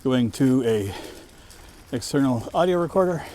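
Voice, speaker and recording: A man's voice: medium pitch, expressive, a little slow, dark tone. A man chatting casually to his viewers while riding a bike up a wooded trail, out of breath, rambling and self-deprecating, on a clip-on mic. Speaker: vlogger. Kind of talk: casual chat while cycling. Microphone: wireless lavalier on the rider.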